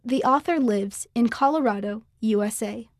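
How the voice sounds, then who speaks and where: A woman narrating a children's story in a clear, expressive manner. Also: fairly high pitch, moderate pace, dry recording, clean studio sound.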